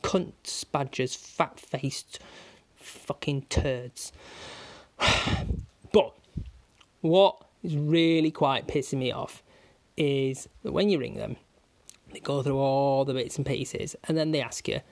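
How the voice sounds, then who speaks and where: A man's voice: medium pitch, slow pace, long pauses. A man delivering an angry, constantly swearing comic rant, stringing insults together. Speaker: vlogger.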